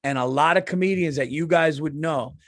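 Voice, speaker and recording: A man's voice: fairly high pitch, a little fast, no room sound, clean studio sound. A middle-aged man, a comedian hosting his podcast, ranting in a casual, profane monologue and often repeating himself.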